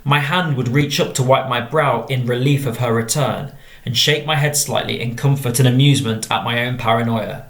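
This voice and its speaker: A man with an English accent, a drama teacher reading out and explaining model exam answers in a measured tone. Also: mid-range voice, a bit bright. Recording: echoey room.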